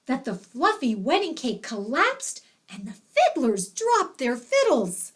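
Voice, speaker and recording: A woman narrating a children's storybook in an expressive, animated reading. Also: high voice, slow.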